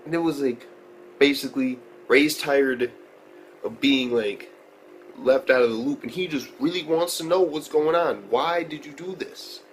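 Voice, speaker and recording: A man with a mid-range voice rambles through an anime episode review, swearing freely and piling on slang. He gets excitable as he talks. There is a faint hiss of background noise behind him. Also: mid-range voice, unhurried, poor audio. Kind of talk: casual video review.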